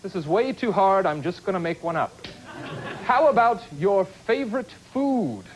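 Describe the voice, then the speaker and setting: An actor playing an exasperated game show host in a TV comedy sketch, strained and clipped. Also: male voice, sits high, animated, moderate pace, a faint crowd, a little hiss or hum, low-quality recording. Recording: TV clip, loud studio audience, music. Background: loud studio audience laughter and music.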